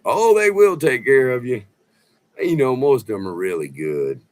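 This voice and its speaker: A man's voice: medium pitch, big pitch swings, darkish tone, poor audio. A middle-aged man, talking in a loose, profane, rambling way as he tells stories, calling people "man" again and again. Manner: loose and profane, drawn-out storytelling with lots of "man". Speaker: vlogger. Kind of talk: casual rambling chat.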